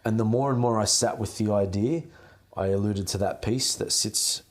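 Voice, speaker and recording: A young man, a seminarian, answering interview questions in an earnest, gentle way. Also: lowish voice, moderate pace. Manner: earnest, gentle, repetitive phrasing.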